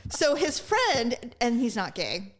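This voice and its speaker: A woman's voice: fairly high pitch, huge pitch swings, takes it slowly. A woman co-hosting a podcast, telling a story in casual chat, acting out quotes and laughing often. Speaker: podcast co-host.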